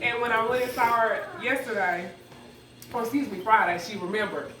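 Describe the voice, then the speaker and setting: Woman, eulogy at a church service; slightly high voice, roomy and distant pickup with a crowd behind. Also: a little fast. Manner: conversational, laughing through grief. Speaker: granddaughter giving a eulogy. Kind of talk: emotional memorial speech. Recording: echoey hall, distant mic, crowd.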